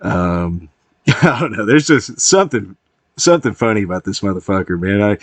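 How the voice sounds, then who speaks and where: Low-voiced, rambling, profane guy. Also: animated, normal speed, dry recording. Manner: profane, meandering, heavy with fillers. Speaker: YouTube commentator. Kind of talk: casual rambling commentary.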